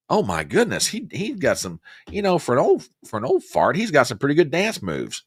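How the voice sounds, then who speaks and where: Dry, wildly animated male host. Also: medium pitch, normal speed, breathy edge, no room sound. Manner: animated, exclamatory, mocking. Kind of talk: political commentary show.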